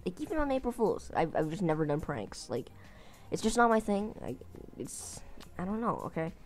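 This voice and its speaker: A woman's voice: fairly low pitch, sing-song, moderate pace. A woman telling a story in a casual vlog, rambling with lots of fillers and restarts. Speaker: gaming channel host.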